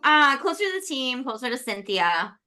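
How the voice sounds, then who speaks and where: A woman's voice: high-pitched, big pitch swings, moderate pace, pushed and bright. A woman chatting casually as a tabletop game player, playful and laughing often. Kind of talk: casual chat between players.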